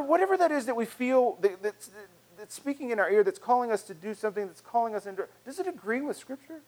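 A male pastor delivers a sermon in an earnest, conversational manner. His voice sits a little higher than most men's, and he often doubles back to restart a phrase mid-thought. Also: poor audio.

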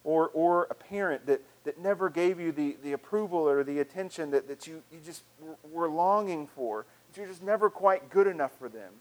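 Earnest man preaching, slightly high voice. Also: normal speed, hardly any pauses, a little mellow, rough recording. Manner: earnest, conversational preaching with frequent restarts. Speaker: pastor. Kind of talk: sermon.

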